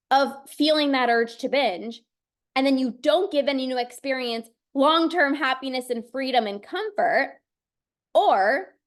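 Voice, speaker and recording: A young woman coaching live on binge eating, talking with energy and acting out inner voices. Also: high-pitched. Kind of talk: motivational live-stream talk.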